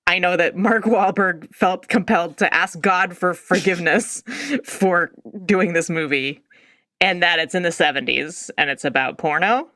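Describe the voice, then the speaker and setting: A woman's voice: lowish voice, measured pace, pushed and bright, no room sound, studio quality. A woman comedy writer reading her own script's stage directions aloud, breaking into giggles.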